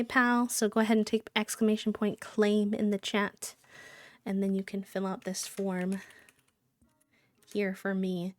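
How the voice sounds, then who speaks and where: A woman's voice: mid-range voice, little pitch movement, unhurried, a little mellow, dry recording. A woman live streamer chatting casually and playfully with her viewers, breaking into sing-song countdowns.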